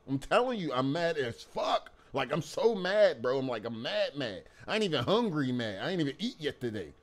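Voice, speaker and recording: A man's voice: high voice, fairly bright tone. A young man hosting his sports channel, ranting angrily to camera about his team's loss. He curses freely and repeats himself when he gets worked up. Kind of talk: angry sports fan rant to camera.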